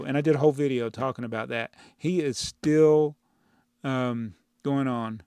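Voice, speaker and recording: A man's voice: medium pitch, moderate pace, clean tone, dry recording. A man hosting a channel, answering viewer comments in a rambling, exasperated way that often breaks into laughs, speaking into a clip-on mic in a home studio. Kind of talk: casual chat. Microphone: clip-on mic inside a brick-built housing.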